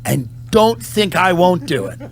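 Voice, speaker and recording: A comedian delivering a satirical, mock-solemn patriotic monologue in a deadpan manner. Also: male voice, high-pitched, a little slow. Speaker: comedian and podcast host.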